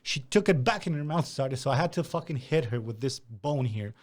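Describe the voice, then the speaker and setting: A young man from Romania hosting a casual podcast chat. His voice sits at a middle pitch, and he tells the story with lively energy and frequent swearing. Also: brisk. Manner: animated storytelling, swears freely, laughs. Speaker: podcast host.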